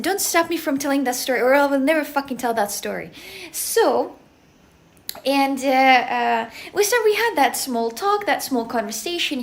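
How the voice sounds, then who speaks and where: A young woman from Russia telling a rambling story in casual chat, laughing often and swearing. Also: sits high. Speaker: streamer.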